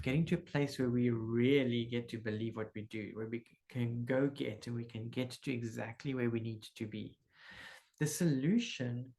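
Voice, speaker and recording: A man leading a group healing session, giving calm, slow, instructive guidance. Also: mid-range voice, vocal fry.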